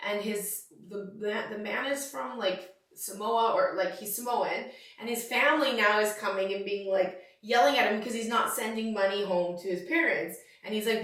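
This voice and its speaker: A woman's voice: mid-range voice, a bit bright, heavy reverb, recorded from a distance, low-quality recording. A woman co-hosting a podcast in casual chat, rambling through stories and laughing easily. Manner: rambling, quick to laugh, fired up at times. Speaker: podcast co-host.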